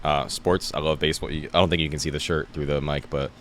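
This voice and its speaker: A man's voice: rumbling low, quick pace, slight background noise. A man in his twenties from New Jersey, a guest comedian on a podcast, chatting casually and acting out quotes in his stories. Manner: relaxed, animated storyteller who acts out quotes.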